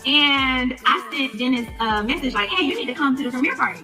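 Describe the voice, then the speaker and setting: A woman podcaster telling a story in a casual rant, animated, acting out the lines of the people she quotes. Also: high-pitched, fairly quick, hardly any pauses, over music, rough recording. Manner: animated, acts out quoted dialogue. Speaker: podcast host.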